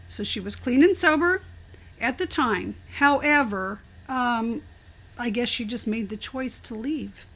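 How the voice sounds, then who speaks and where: An older woman speaks as an interview guest, her voice pitched high. She tells her story with animated, expressive energy, in a casual conversational way.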